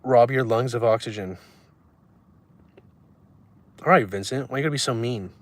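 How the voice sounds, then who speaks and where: Young male streamer with a mid-pitched voice, deadpan and trolling, chatting casually with viewers from a car. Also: moderate pace. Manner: reads chat aloud and answers in a deadpan, trolling way. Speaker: livestreamer. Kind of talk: casual livestream chat.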